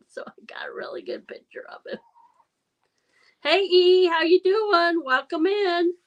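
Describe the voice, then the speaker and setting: Her voice sits on the high side, creaky yet fairly bright, as she hosts a relaxed livestream full of rambling tales and frequent laughter with her viewers. The audio is poor.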